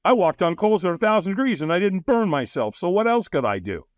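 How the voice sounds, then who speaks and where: A man telling stories as a guest on a podcast, animated and quick to laugh, often acting out what others said. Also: high voice, no room sound, studio quality. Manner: animated, acts out quoted voices, laughs often. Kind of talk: casual interview storytelling.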